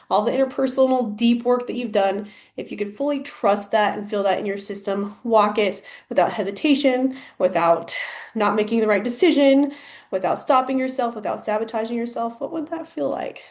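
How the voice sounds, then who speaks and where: A woman hosting, speaking gently and invitingly, posing reflective questions to listeners. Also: a little high. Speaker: host. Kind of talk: casual chat and scripted outro.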